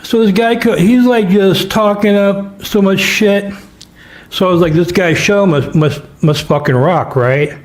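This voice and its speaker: Brief: male stream host, slightly high voice, snarky and crude running commentary. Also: measured pace. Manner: mocking, profane, sarcastic. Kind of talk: livestream commentary.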